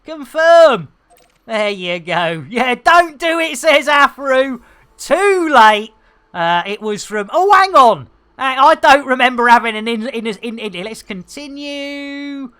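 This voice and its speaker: Middle-aged woman streamer, jokey slangy chatter, unhurried delivery, bright voice. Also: high-pitched, lively intonation, smooth. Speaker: game streamer. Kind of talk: casual live-stream chatter.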